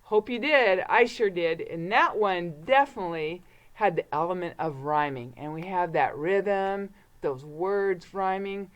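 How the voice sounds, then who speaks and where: A woman reading a rhyming picture book aloud to children, building suspense with whispers and bursting into cheers. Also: lowish voice. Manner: slow, dramatic, suspenseful, swings to whispers and cheers. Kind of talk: storybook read-aloud for children.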